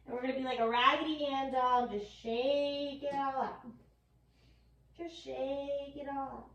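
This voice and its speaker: A woman's voice: high voice, little pitch movement, a little slow, fairly bright tone, lo-fi sound. A woman with a New York accent teaching a playful yoga class for young children, cheering them on and making animal sounds. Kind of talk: kids' yoga class instruction. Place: yoga studio. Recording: echoey room, mic at a distance.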